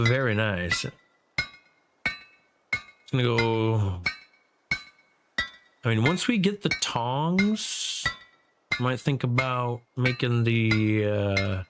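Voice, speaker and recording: Slow, profane man narrating gameplay. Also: mid-range voice, music in the background. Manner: loose, profane, talking to himself. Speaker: gaming streamer and server host. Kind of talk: casual gameplay commentary.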